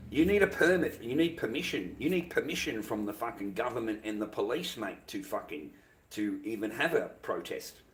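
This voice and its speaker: A man's voice: lowish voice, expressive, normal speed, a little hiss or hum. Angry swearing Australian man ranting. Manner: angry, profane, repetitive ranting. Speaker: livestreamer. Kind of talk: livestream rant.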